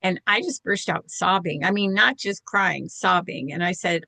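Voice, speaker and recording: An older woman with a lowish, gravelly voice tells a personal story in a candid, self-deprecating way. The sound is close and dry. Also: normal speed, few pauses, pushed and bright, dry recording. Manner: candid, self-deprecating, laughs while telling.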